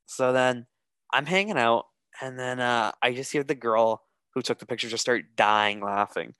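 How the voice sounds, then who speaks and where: A man's voice: mid-range voice, normal speed, clean tone, no room sound. A young man co-hosting a podcast, telling a bar story in casual chat and acting out the quotes with plenty of swearing. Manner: animated, acts out quotes with cursing. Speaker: podcast co-host.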